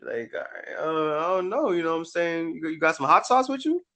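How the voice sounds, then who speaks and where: A man co-hosting a podcast in casual chat, playful and joking, quick with his reactions. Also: fairly high pitch, expressive, pushed and bright. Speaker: podcast co-host.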